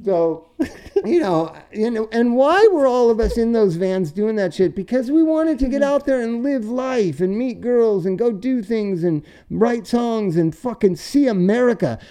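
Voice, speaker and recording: Brief: middle-aged male podcast host, mellow dark tone, swears freely, spins tour stories. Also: very high-pitched, measured pace. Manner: loud, profane and animated when telling stories. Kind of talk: casual storytelling chat.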